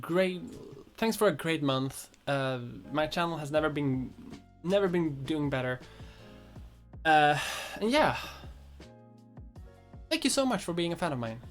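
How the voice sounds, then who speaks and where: A streamer from Sweden with a light accent chats casually, reading viewer comments aloud and offering offhand responses sprinkled with casual swearing. Her low voice has lively intonation and a slightly slow pace, over soft background music.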